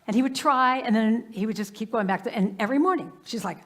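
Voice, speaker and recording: Woman, minister, fairly high voice, live church sermon, conversational storytelling. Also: fast. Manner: conversational, warm anecdotes with frequent "you know". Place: church sanctuary, live service.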